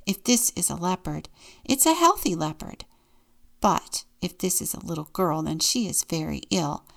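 Woman doing an excitable bored vet. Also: lowish voice, normal speed, creaky, exaggerated voice. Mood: eager. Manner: excitable, chatty. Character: bored, overeager male veterinarian.

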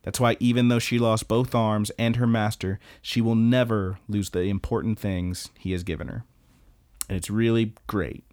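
A man hosting a podcast, casually retelling scenes and breaking into excited asides. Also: on the low side, moderate pace. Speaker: podcast host. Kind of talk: casual episode recap.

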